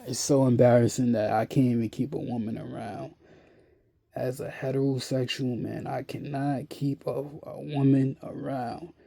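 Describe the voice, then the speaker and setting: A man speaking a casual monologue to camera, blunt and profane, sounding weary and worn out, halting and repeating himself often. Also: medium pitch, flat delivery, creaky, dark tone. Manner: slow, halting and repetitive, with many restarts. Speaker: vlogger.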